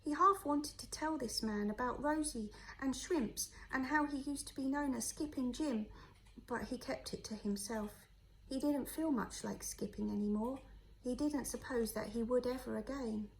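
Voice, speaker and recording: A teacher reads a children's novel aloud in a steady, clear storytelling voice. Her voice sits a little high for a woman. She keeps an even, unhurried pace through the story. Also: slight background noise, poor audio. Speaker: teacher reading to a class.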